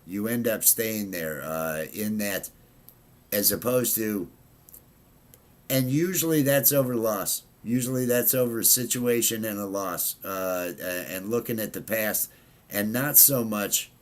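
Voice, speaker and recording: A man hosting a casual livestream chat, rambling with many fillers and restarts. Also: on the low side. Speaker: livestream host.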